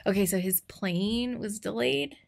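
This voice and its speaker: A young woman telling a story in casual podcast chat, animated and giggly, with lots of fillers. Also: mid-range voice, a little slow, vocal fry. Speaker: podcast co-host.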